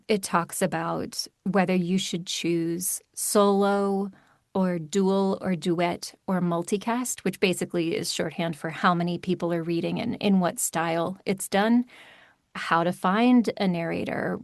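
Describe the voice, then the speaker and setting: Chatty american lady narrator from maryland, talks fast with lots of asides, dry mic. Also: lowish voice, dry recording. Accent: General American. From Maryland, USA. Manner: chatty, animated, quick asides. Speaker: audiobook narrator guest. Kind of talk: casual interview chat.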